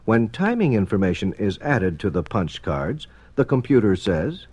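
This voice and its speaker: A man narrating a formal documentary in a measured, explanatory manner. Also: lowish voice, husky, no room sound. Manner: measured, explanatory, expressive intonation.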